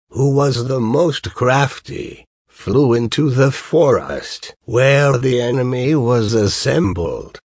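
A man reading a fairy tale aloud as an audiobook narrator, unhurried. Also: medium pitch, slightly rough, no echo, studio quality. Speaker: audiobook reader. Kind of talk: scripted narration.

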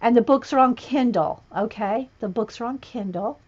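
A woman's voice: on the high side, moderate pace, darkish tone. A woman hosting a casual livestream, chatting to viewers as she pages through a coloring book, often chuckling and spelling words aloud. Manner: chatty, chuckling, reads out spellings and checks pronunciations. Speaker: livestream host. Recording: muffled lo-fi livestream audio.

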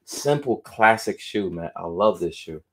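A man's voice: low-pitched, expressive, a little slow. Winded man chatting through a sneaker stream. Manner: loose and chatty, drifts between sing-song muttering and explaining. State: winded, out of breath. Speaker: sneaker collector streaming live. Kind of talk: casual live-stream chat. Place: home room full of shoes.

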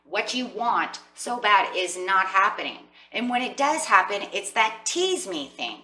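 A woman's voice: mid-range voice, very animated, unhurried, roomy sound, distant mic, very noisy. A woman giving a casual tarot reading, talking to her viewers in a chatty, rambling way. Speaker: tarot reader.

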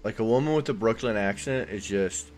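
A man's voice: lowish voice, brisk, a little mellow. A man co-hosting a podcast, talking in a rambling, enthusiastic way full of fillers. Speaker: podcast co-host. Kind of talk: casual chat.

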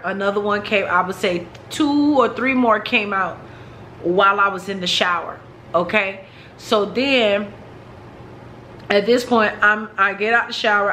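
A woman's voice: medium pitch, bright, forceful tone, slight background noise, low-quality recording. A woman vlogger telling a personal story in a frank, chatty way, talking straight to her viewers.

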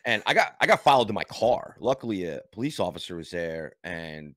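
A man's voice: sits low, big pitch swings, brisk, a bit bright, dry recording, clean studio sound. A man co-hosting a podcast, telling a rambling story in casual chat with many restarts. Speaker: podcast co-host.

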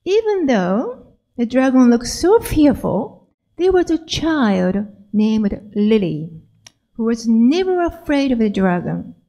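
A woman minister telling a story slowly and gently in a sermon. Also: on the high side, big pitch swings, rough recording.

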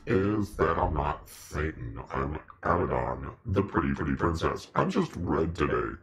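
A man's voice: very deep voice, unhurried, few pauses, a crowd in the background. A man hosting a casual livestream in a demon persona, rambling and joking while talking to his viewers.

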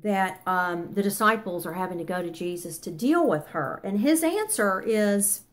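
A woman's voice: medium pitch, expressive, moderate pace. An older woman in her sixties teaching a Bible study in an earnest, emphatic way, with fillers and self-corrections along the way.

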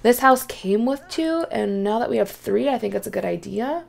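A woman's voice: on the high side, animated, moderate pace, creaky. A woman hosting a let's play, chatting casually through her gameplay, often exclaiming and talking to the characters on screen.

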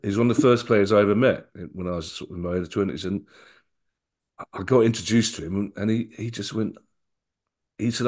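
A man's voice: lowish voice, a little fast, pauses often, a little mellow. A middle-aged man, a guest on an interview podcast, recalling old memories in a rambling way with many restarts. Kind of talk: casual storytelling interview.

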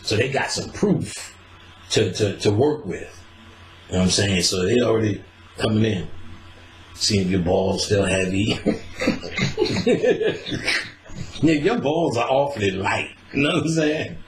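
Male host, lively swooping delivery, laughs a lot, acts out quotes, echoey room. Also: lowish voice, moderate pace, a little hiss or hum. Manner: animated, laughs often, acts out quoted lines. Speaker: podcast host. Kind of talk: casual profane storytelling chat.

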